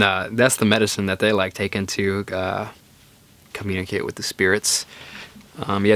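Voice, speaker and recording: Laid-back rambling young man, low voice. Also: a bit bright, no room sound. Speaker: podcast host. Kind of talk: casual storytelling monologue.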